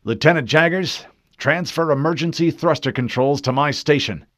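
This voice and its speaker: A man voicing a stern male starship commander who gives clipped, loud orders in a raised voice. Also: fairly high pitch, moderate pace, dry recording, clean studio sound, pitched above the performer's own voice, natural voice. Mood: commanding.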